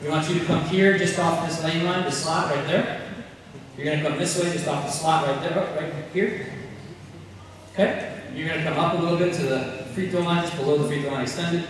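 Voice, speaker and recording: High-voiced coach shouting cues in a gym. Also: male voice, fairly even intonation, a little hiss or hum. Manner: calls out drill cues in quick repeated bursts; joking, encouraging. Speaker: basketball coach. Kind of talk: coaching clinic demonstration. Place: large gym. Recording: echoey gym from far off.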